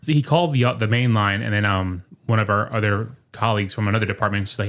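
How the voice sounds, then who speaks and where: A man's voice: on the low side, fairly even intonation, quick pace, a bit bright. A man co-hosting a casual podcast, telling stories and acting out what people said. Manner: chatty storyteller, acts out quotes. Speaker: podcast co-host. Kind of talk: casual chat. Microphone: studio microphone.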